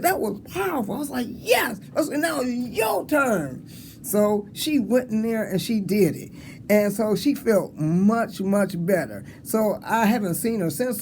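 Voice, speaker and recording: A man's voice: sits high, slight background noise. Upbeat encouraging man around sixty. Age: 60s. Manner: rambling, encouraging, animated storytelling with chuckles. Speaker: motivational speaker. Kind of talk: casual motivational talk to students. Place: school hall with an audience.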